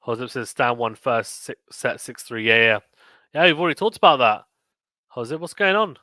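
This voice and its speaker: This young tennis streamer mixes casual play-by-play with reading viewer comments and chatting between points. He sounds animated, bright, and forceful in a mid-range voice at a normal speed. There's no echo on the audio.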